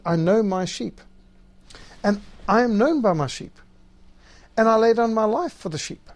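A man's voice: high voice, a little mellow. A man teaching systematic theology, reading scripture passages aloud and stressing key words. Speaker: Bible teacher.

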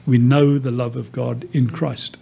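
A man's voice: medium pitch, little pitch movement, unhurried, gravelly, dark tone, slight background noise. A man preaching a sermon who tells stories and asks rhetorical questions. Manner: storytelling, rhetorical questions, many quoted exchanges.

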